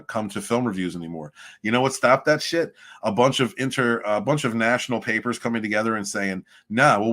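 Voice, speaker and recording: A man hosting a livestream, reading viewer chat and ranting in a rambling, profane way with loud swings of emphasis. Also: on the low side. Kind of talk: casual rant and chat.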